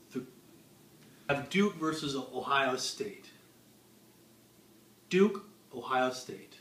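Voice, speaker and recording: A man doing casual comedic sports commentary, picking tournament games with deadpan, rambling asides. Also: mid-range voice. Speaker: bracket picker.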